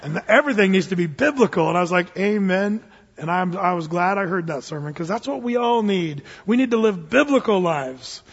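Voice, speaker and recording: A middle-aged man preaching a sermon to his church, telling stories and jumping into loud impressions. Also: high-pitched, expressive, a little fast, vocal fry, few pauses, breathy edge. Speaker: pastor. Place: church sanctuary. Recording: dull lo-fi recording with long hall reverb.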